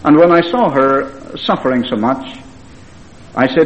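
An earnest preacher, a man, recounts a visit in a plain, measured manner at a middling pitch. The recording is dull and lo-fi, with the highs rolled off. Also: animated. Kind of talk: sermon storytelling.

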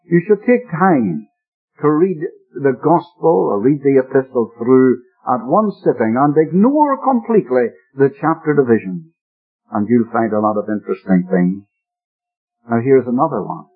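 Husky radio preacher with lively pitch. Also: male voice, moderate pace. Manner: earnest, emphatic expository delivery. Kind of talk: radio Bible-teaching sermon. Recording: narrow-band old radio broadcast.

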